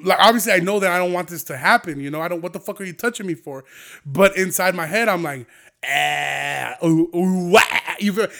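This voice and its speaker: A man's voice: sits high, fast talker, sharp tone. A man hosting a podcast, delivering a heated, profane and rambling casual rant. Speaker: podcast host. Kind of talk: casual ranting monologue.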